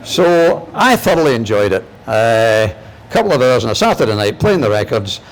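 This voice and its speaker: An older man with a Glaswegian Scottish accent tells funny stories from his career at a lecture. His delivery is lively and animated, and his pitch jumps for punchlines. His voice sits in an ordinary male register. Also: moderate pace. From Scotland. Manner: humorous, animated storyteller, shifting pitch for punchlines. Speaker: guest lecturer and broadcaster. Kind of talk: anecdotal storytelling lecture.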